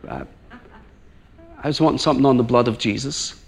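A guest preacher from Northern Ireland, speaking with that accent, delivers a sermon at a fairly quick clip in a medium-pitched male voice. He's an animated storyteller, acting out the people he quotes as he tells the story.

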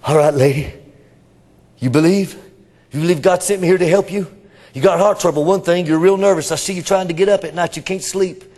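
A man preaching a revival sermon, swinging between shouting and hushed whispers. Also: sits high, brisk, big-room sound. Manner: addresses congregation members as brother. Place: church.

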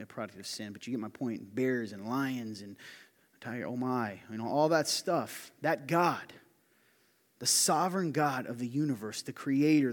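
Southern male pastor, mid-pitched, lively sermon with jokes, sound rings in a big hall. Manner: animated, joking asides, swings from loud to hushed. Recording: reverberant hall.

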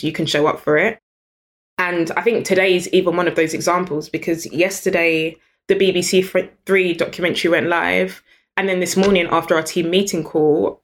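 A British woman, a guest in an interview, telling stories in an animated, chatty way and laughing often. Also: fairly low pitch. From Britain. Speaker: guest entrepreneur. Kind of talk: storytelling in an interview.

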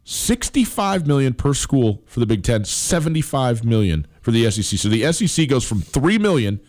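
A man's voice: medium pitch, sing-song, moderate pace, darkish tone. A middle-aged man hosting a sports talk show, rambling with fillers and restarts, a bit stuffed up from allergies.

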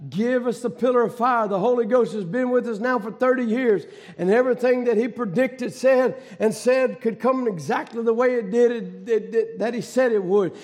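A man preaching a fiery sermon, shouting emphatically and hammering home repeated rhetorical questions. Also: very high-pitched, normal speed, few pauses.

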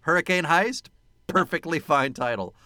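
Lively, bright-voiced sarcastic man. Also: on the high side, moderate pace, no echo, clean studio sound. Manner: sarcastic, swears, laughs at own jokes. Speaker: podcast co-host. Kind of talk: casual movie-review banter.

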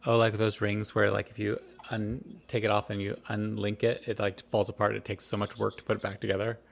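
A man's voice: on the low side, completely flat delivery, brisk, creaky. A man acting as game master, narrating a tabletop game over an online call and asking players questions with frequent restarts. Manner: hesitant, many restarts and questions.

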